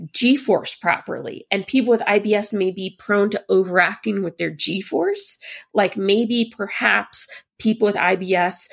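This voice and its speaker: A woman co-hosts a relaxed podcast chat while sick. Her voice is husky and full of fry. She talks in loose, rambling runs padded with "like" and "um". Her pitch sits in an ordinary middle range. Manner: rambling, filler-heavy, lots of "like". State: sick, hoarse voice. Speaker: podcast co-host.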